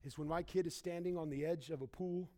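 Young pastor guy preaching, high voice, goes loud then real quiet. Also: fast talker, creaky. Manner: animated preaching, acts out quotes, swings from loud to hushed. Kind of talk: sermon.

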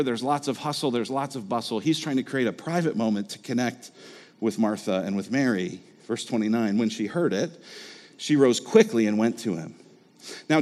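Man, pastor, sermon, conversational, rhetorical questions, mid-pitched voice. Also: a little mellow, long reverb tail.

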